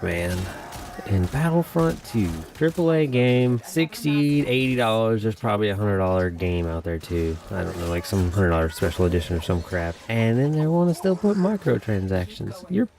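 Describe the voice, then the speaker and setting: A man's voice: on the low side, a little mellow. An American man hosting a casual podcast, rambling and joking with a lot of laughs. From United States. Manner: jokey, rambling, laughs often. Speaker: podcast host.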